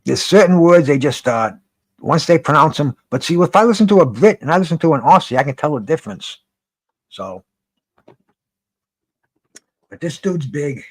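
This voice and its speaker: A man casually commenting on a live boxing fight as a streamer, rambling and excitable, swearing freely and restarting his sentences. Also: fairly high pitch, moderate pace, pauses often.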